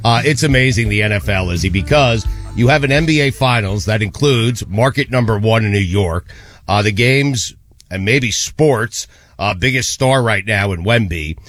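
A man's voice: lowish voice, moderate pace, a bit bright, no room sound, soft background music. A man hosting a sports radio show in a casual talk, drawling and dropping fillers as he goes.

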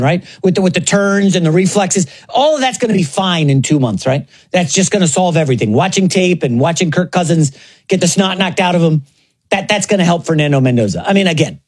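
A man with a high, light voice hosts a sports talk show. He talks. His commentary is opinionated and heavy with sarcasm, and he mocks other people's takes. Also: animated, quick pace.

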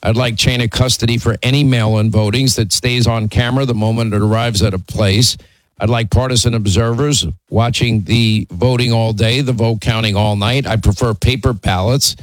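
A man's voice: mid-range voice, fairly even intonation, normal speed, no echo, poor audio. Emphatic male talk radio host. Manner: emphatic, restarts sentences.

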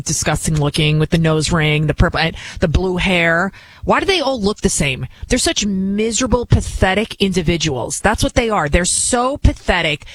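A woman's voice: on the low side, low-quality recording. A woman hosting a commentary show who talks in an indignant, scornful way, often restarting her sentences. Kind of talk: opinionated commentary, playing clips.

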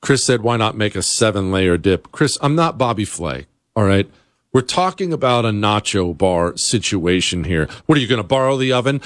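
A man hosting a talk show, ranting comically in an animated, exasperated way, jumping high and then dropping low. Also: normal speed, dry recording, clean studio sound. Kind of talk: comedic rant on a talk show.

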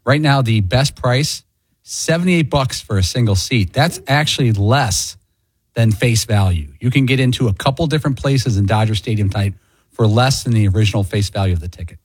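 A man's voice: medium pitch, moderate pace, husky, no room sound. A man co-hosting a sports radio show, giving facts in a matter-of-fact way. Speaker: radio co-host. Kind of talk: casual radio chat.

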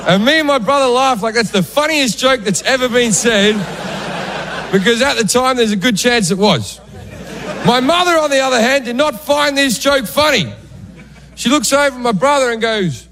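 Male stand-up, high-voiced storyteller, live club recording with audible noise. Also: normal speed. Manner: deadpan storytelling with sudden raised acted outbursts. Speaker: stand-up comedian.

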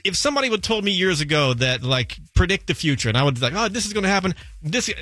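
A man hosts a weekend radio countdown show in an upbeat, polished presenter manner. His voice sits a bit high, and it is picked up on a close, dry studio mic. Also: sing-song, fast talker, pushed and bright, dry recording. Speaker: radio host. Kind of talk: radio show hosting and interview.

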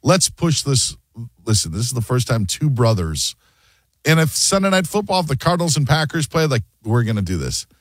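A man hosts a sports talk radio show in a loose, joking way, slipping into quick impressions. His pitch swings widely as he talks. The studio sound is dry and close. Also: husky, dry recording. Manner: animated, jokey, acts out quotes.

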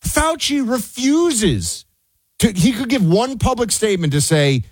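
Man, radio co-host, heated indignant commentary, fairly high voice, dry close sound. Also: big pitch swings, a little slow, a little mellow, no room sound.

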